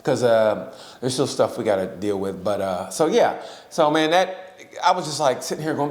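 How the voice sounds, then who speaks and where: A man's voice: medium pitch, moderate pace. A man co-hosting a podcast, telling stories in a casual chat, swearing often and breaking into laughter. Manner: profane, laughing, animated storyteller. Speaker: podcast co-host. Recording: roomy echo.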